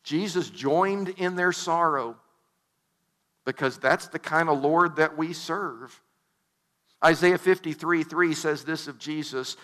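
A man's voice: on the high side, slow, pushed and bright. A male pastor preaching a sermon in a conversational way, reading scripture aloud and adding humorous asides.

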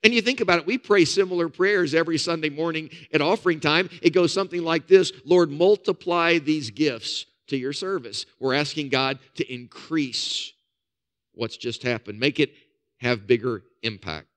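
A man, a pastor, preaching a sermon with folksy storytelling and casual asides. He drops to soft, low emphasis on key points. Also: normal speed.

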